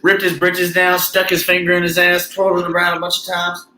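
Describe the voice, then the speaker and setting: A man hosting a casual chat, telling a joke in a relaxed, drawling way and saying "y'all". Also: sits high, fairly quick, a little hiss or hum. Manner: drawling storyteller with Southern "y'all". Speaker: podcast host. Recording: roomy echo, faint ambience.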